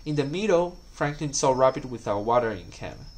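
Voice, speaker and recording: A man reading a children's storybook aloud at a school, calm and clear. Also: medium pitch, brisk, low-quality recording. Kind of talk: scripted narration.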